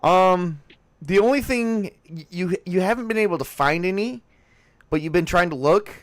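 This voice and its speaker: A man's voice: high-pitched, expressive, moderate pace, no room sound. A man narrating a tabletop horror game as game master, in a casual way with frequent restarts.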